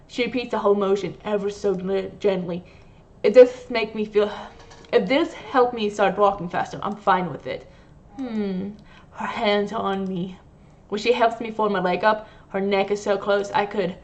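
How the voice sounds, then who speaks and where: A woman gamer who reads a visual novel aloud in a playful, animated way. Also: mid-range voice, moderate pace, highs cut off. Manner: animated, playful dramatic reading.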